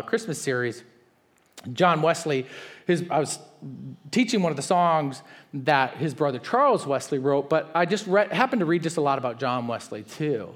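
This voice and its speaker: A man preaching a sermon as a pastor, conversational and animated, acting out quoted voices with big jumps in pitch. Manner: conversational with frequent asides and restarts.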